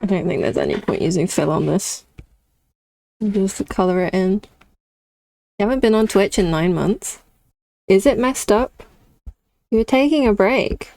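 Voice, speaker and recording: A woman's voice: mid-range voice, expressive, moderate pace, gravelly, long pauses, warm tone, no echo. A young British woman chatting casually with her viewers while drawing on stream, reading chat and laughing often. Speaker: artist streamer.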